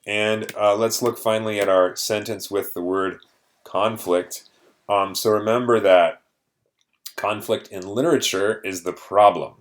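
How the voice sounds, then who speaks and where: A man's voice: on the low side, steady tone, unhurried. A man teaching a vocabulary lesson, explaining patiently with restarts and short Spanish glosses.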